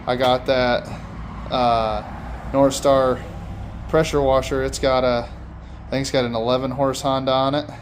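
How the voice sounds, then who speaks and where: A man from Michigan walks through his lawn care gear in a relaxed, unscripted vlog. He talks haltingly, full of "uh"s, and corrects himself as he goes. His voice sits at an ordinary pitch, caught on a phone outdoors with faint background noise. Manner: halting, with many fillers and self-corrections. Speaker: lawn service owner. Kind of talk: casual equipment walkthrough vlog.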